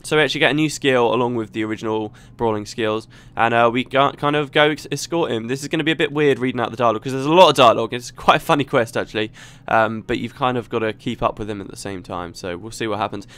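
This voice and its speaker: This let's play host talks quickly with few pauses, his medium-pitched voice smooth and fairly bright. His casual gameplay commentary is rambling and chatty, with frequent restarts.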